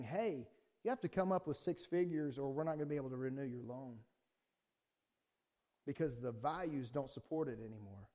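A middle-aged man preaches to his church with a fairly high voice. He talks through a personal story in plain, conversational terms, dropping to quiet asides and rising to loud, heated outbursts. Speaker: pastor. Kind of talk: sermon with personal testimony.

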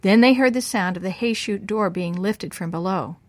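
A woman narrating a children's story, using lively voices for the boys' lines. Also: mid-range voice, normal speed, no room sound.

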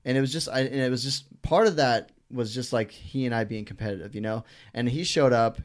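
A man's voice: medium pitch, fairly quick. A man casually telling a personal story in a podcast chat. He rambles, fills his talk with "like" and acted-out quotes, and swears freely. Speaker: guest.

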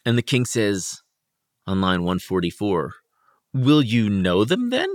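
A man's voice: lowish voice, wildly swooping pitch, measured pace, dry recording, studio quality. A man co-hosting a casual podcast, switching between swearing banter and dramatic readings of old verse. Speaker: podcast co-host. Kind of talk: casual chat with read-aloud lines.

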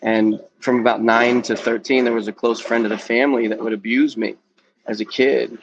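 A man's voice: mid-range voice, little pitch movement, moderate pace, highs cut off, slight background noise. Earnest man telling his testimony. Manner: earnest, candid, peppered with "um" and "man". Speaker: youth ministry guest. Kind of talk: personal testimony in a podcast interview.

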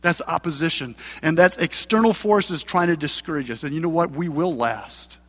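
A male pastor preaching a sermon in a church, emphatic and building to loud passages. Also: a little high, moderate pace. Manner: preaching with rising, emphatic mocking voices for scripture. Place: church sanctuary. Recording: long hall reverb.

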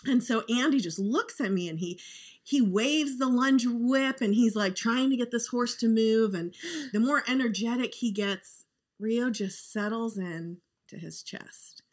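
A woman's voice: fairly high pitch, measured pace. A woman guest on a podcast, telling a personal story in an earnest, heartfelt, conversational way.

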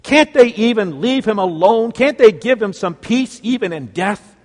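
Grieving woman at a tomb, voiced by a man preaching, high and slow, in a reverberant hall. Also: expressive, a little mellow. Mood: anguished. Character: grief-stricken woman disciple at a tomb.

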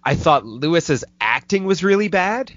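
Male podcast host, casual and irreverent, does quick parody voices. Dry, muffled lo-fi sound. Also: on the high side, sing-song, fairly bright tone, no echo. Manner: loose and profane, drops quick mocking impressions into his retelling. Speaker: podcast host reviewing a movie. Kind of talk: casual chat. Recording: dull, dry lo-fi podcast audio.

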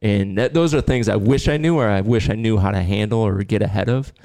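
A man hosting a podcast, telling a long story in a casual, animated way and laughing now and then. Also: lowish voice, a little fast, no echo, clean studio sound. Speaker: podcast host and dog trainer.

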